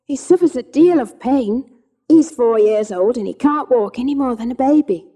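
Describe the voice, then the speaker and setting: A woman puts on a frightened young country mother in a storybook, her voice lifted high and pressing. She pleads anxiously, mellow in tone but strained with worry. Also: moderate pace, husky. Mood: pleading. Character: poor, frightened young countrywoman with a sick child.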